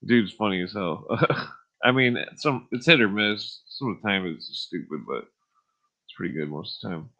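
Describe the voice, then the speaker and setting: A man's voice: on the low side, moderate pace, bright, forceful tone, muffled recording. A man hosting a podcast in a laid-back, rambling way, chuckling and trailing off with fillers, then reading aloud from a book. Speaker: podcast host.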